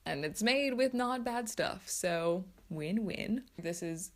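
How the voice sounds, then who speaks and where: A woman's voice: medium pitch, expressive, slow. A woman hosting a casual skincare favourites video, chatty and enthusiastic. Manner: chatty, enthusiastic, self-aware. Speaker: beauty vlogger.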